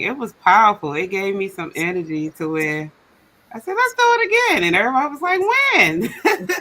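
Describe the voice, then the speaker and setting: Lively, slangy woman hosting a live stream. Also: on the low side, vocal fry, a little hiss or hum, low-quality recording. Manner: lively, slangy, laughs often. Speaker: host of a live stream talk. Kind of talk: casual live-stream chat.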